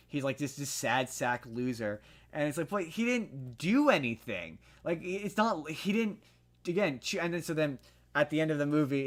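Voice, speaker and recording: A young man co-hosting a podcast, recapping a movie in a rambling, heated way with many restarts. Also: medium pitch. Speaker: podcast co-host. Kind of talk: casual movie review chat.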